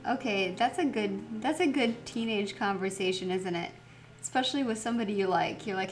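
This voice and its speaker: A woman chatting casually as she plays through a story game, reflective and quick to laugh. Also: medium pitch, soft background music. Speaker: let's play host.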